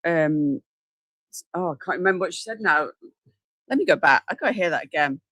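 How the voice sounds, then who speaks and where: A woman's voice: deep voice, expressive, a little fast, bright, forceful tone, no echo. A woman hosting a casual live show, chatting into a desk microphone and reacting aloud with exclamations. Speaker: host reacting to trial footage.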